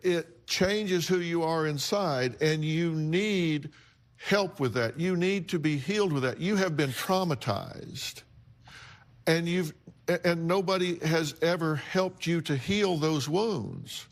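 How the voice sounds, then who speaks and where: A man's voice: fairly high pitch, slow pace. A man hosting a confrontational TV talk show, lecturing guests in a blunt, emphatic way.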